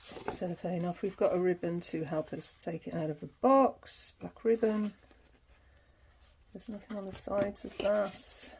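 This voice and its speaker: A woman's voice: mid-range voice, fairly even intonation, measured pace, gravelly, darkish tone, a little hiss or hum. A woman hosting her tarot channel, chatting casually through an unboxing, laughing easily and reading passages aloud.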